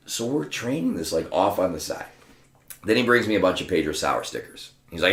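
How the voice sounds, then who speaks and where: A middle-aged man telling stories in a casual, profane, animated chat, acting out the voices of the people in them. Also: deep voice, moderate pace, reverberant, slight background noise. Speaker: guest storyteller. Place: room with a small live audience.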